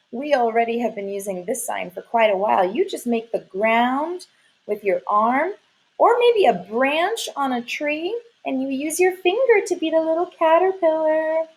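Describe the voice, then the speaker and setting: A woman's voice: a little high, poor audio. A woman teacher leading a lesson for young children, sing-song and encouraging, stretching her words out.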